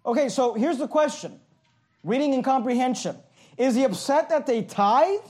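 A man preaching a passionate sermon, reading scripture slowly and emphatically and adding sarcastic asides. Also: extremely high pitch, animated, darkish tone. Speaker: pastor.

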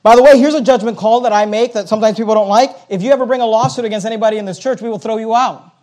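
A man in his thirties preaching a sermon as a pastor, swinging between forceful scripture reading and quiet asides. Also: high-pitched, racing. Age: 30s.

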